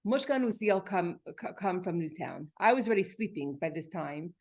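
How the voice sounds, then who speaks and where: A woman teaching a Torah class in a casual, animated way, telling personal stories and often restarting her phrases. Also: on the low side, brisk.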